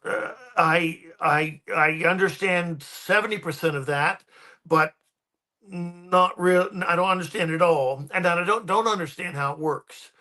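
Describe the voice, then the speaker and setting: A man's voice: sits high, unhurried, bright, forceful tone. A man, a guest paranormal researcher, telling stories in a casual podcast chat and rambling with many ums and restarts.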